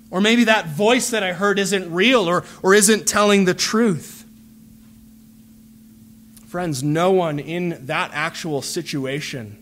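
A man preaching a sermon, earnest and measured, pleading with his listeners through repeated phrases. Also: on the high side, a bit bright, slight background noise.

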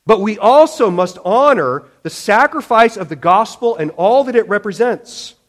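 A male preacher delivers a sermon in a fairly high voice. He presses his points with emphasis, stumbles over repeated words, and slips into quick voiced impressions of other people. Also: expressive. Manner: emphatic, with frequent restarts and acted-out quotes. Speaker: pastor.

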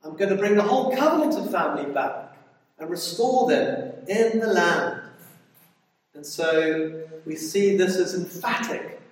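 A man preaching a Bible study sermon emphatically, with repeated words and swings between loud declarations and quiet asides. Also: high voice, animated, measured pace. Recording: echoey hall, voice from a distance.

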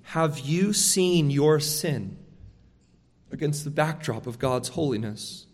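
A man's voice: a little high, long reverb tail. A man preaching a sermon as a pastor, earnest and emphatic, often restarting his phrases as he drives a point home.

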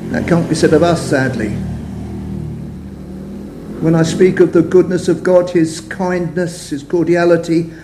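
An older man preaching a sermon to a congregation in a church hall, measured, his phrases trailing off softly. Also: sits high, noisy background. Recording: echoey hall sound.

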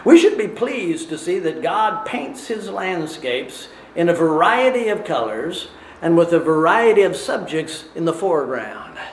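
Slow, lively-pitched male preacher. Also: echoey room, a little hiss or hum. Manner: measured, deliberate delivery with rhetorical questions. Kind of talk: sermon.

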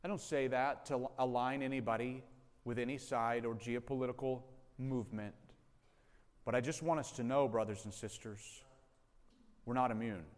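A man's voice: medium pitch, steady tone, normal speed. A man preaching a sermon as pastor, speaking earnestly and directly to his congregation. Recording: long hall reverb.

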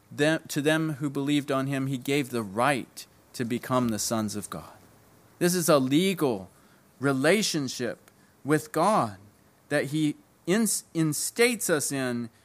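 A man preaching a sermon, emphatic, repeating key phrases and dropping low at the ends of lines. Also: a bit bright.

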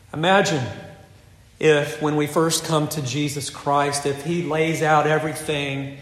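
Slow, earnest preacher man in an echoey hall. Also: fairly high pitch. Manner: earnest, measured, drops to soft emphasis. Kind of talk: sermon.

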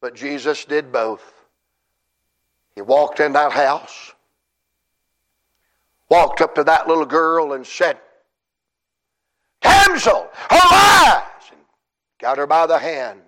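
At a church conference, a middle-aged man preaches a revival sermon, crying out and shouting in rising bursts and mixing in folksy, self-deprecating humor. His voice is a little high, and he speaks slowly with frequent pauses.

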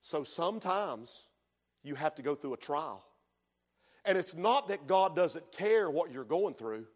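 A middle-aged man preaching a sermon as pastor, dropping to hushed storytelling and rising to shouted exhortation. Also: a little high, animated, unhurried. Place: church sanctuary. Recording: long reverb of a church hall.

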